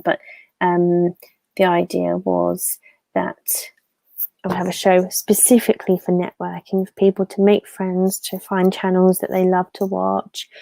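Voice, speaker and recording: Gravelly-voiced English woman chatting on a live stream. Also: lowish voice, warm tone, no room sound. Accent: English, Fenland. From England. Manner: chatty, rambling, reads out viewer comments. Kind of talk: casual live stream chat.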